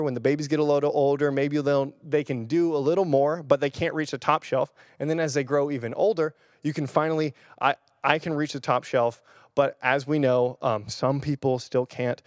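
A man's voice: on the high side, dry recording, studio quality. A young man, a pastor, giving a casual sermon on camera. He talks in a chatty, rambling way with fillers and restarts. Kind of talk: casual sermon with personal story. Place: church or room filmed on camera.

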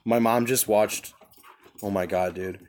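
A young adult man hosting a podcast in casual chat, talking in an excitable, profane, animated storytelling way. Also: on the low side, measured pace, heavy background noise. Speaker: podcast host.

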